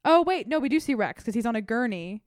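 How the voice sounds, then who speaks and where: A young woman co-hosts a podcast and recaps a TV episode in casual chat. Her voice sits fairly high, and she talks in an animated, profane way. The close mic sound is dry. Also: quick pace, no echo. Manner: animated, swears freely, laughs often. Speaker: podcast co-host.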